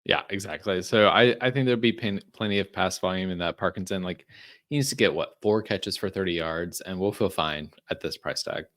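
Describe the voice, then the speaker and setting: A man's voice: low voice, fairly quick, fairly bright tone. A man casually breaking down fantasy football picks as a show regular, with lots of ums and the odd dry sarcastic aside. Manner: chatty, frequent ums and restarts, dry sarcasm. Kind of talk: casual podcast chat.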